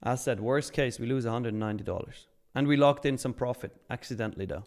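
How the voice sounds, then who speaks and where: A man's voice: mid-range voice, a little fast, a little mellow. A man from Switzerland hosting a live trading stream, upbeat and chatty as he reads chat aloud. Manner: upbeat, chatty, hyped by milestones.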